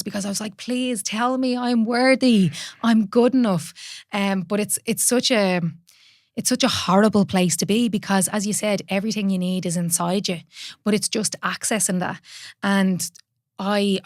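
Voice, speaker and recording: Earnest Irish woman, low and dry. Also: no echo. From Ireland. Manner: earnest, open, swears casually. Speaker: podcast host. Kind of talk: candid conversational storytelling.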